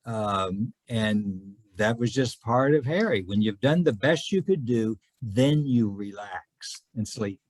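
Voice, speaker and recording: A man telling history anecdotes as a trivia guest over a video call, folksy and rambling, with many pauses and fillers. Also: mid-range voice, expressive, a little mellow, no room sound.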